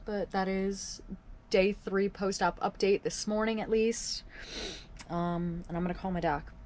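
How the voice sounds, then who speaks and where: A woman's voice: mid-range voice, steady tone, a little slow, a little mellow, slight background noise. A woman in her twenties talking casually to the camera at home in a wry, self-deprecating video diary. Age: 20s. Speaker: vlogger. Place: at home, indoors.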